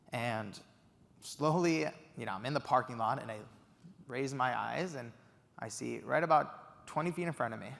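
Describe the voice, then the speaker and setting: A young man giving a keynote speech, telling an animated story with excited quoted outbursts. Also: mid-range voice, creaky. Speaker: keynote speaker. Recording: reverberant hall.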